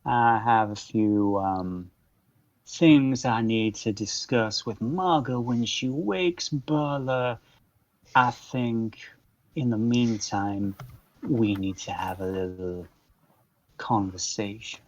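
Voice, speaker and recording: A man's voice: lowish voice, slow, a little mellow, muffled recording. A man doing a courteous cartel boss with a loose southern lilt. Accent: mixed, loosely southern US. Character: smooth, polite but firm male cartel leader.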